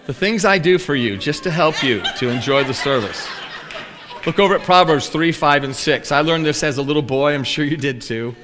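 Guy preaching, kinda high bright voice, cracks jokes, big echoey hall. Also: moderate pace, a faint crowd. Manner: folksy, joking storyteller. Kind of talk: sermon. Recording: long hall reverb.

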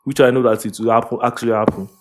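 A man's voice: mid-range voice, little pitch movement, racing, darkish tone. A young man with a Nigerian accent, animatedly telling a story in casual podcast chat mixed with Pidgin slang. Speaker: podcast co-host.

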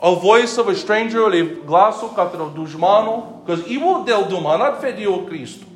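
Male preacher, very high voice, sermon with rhetorical questions and mixed languages, reverberant room. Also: expressive, normal speed. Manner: repetitive rhetorical questions, calls listeners by name; switches between English and another language mid-sentence.

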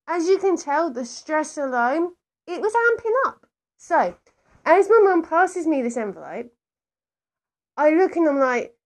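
A woman's voice: high-pitched, big pitch swings, normal speed. A woman hosting a solo podcast, telling a rambling story with emphatic asides to her listeners. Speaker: podcast host.

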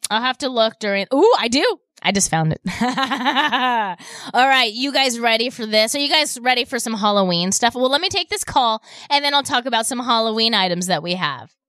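Bright, upbeat woman radio shopping host. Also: on the high side, dry recording. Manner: upbeat, repetitive sales patter. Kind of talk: radio sales pitch and call-in chat.

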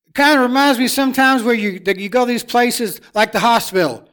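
A man preaching a sermon with emphatic, repetitive phrasing, swinging from loud declarations to hushed asides. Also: extremely high pitch, fairly quick, smooth.

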